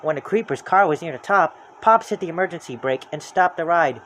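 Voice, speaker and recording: Storybook reader, children's book aloud, lively, expressive, wide-ranging pitch. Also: fairly quick, slight background noise.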